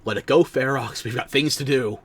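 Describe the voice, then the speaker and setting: A man's voice: mid-range voice, fairly quick. A man streaming a game, tired and yawning, with sleepy sarcastic asides to the characters on screen. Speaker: streamer playing a video game. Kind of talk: casual let's-play commentary.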